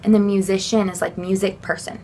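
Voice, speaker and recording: A woman's voice: medium pitch, level tone, brisk, a little mellow, a little hiss or hum. A young woman casually explaining sign language vocabulary to a home camera, chatty, with fillers and small laughs.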